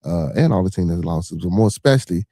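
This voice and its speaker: Male podcast host, low mellow voice, loose and profane, constant fillers, dry close mic. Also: animated, fast talker, dry recording. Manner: rambling, profane, full of shout-outs and fillers. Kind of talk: casual livestream chat.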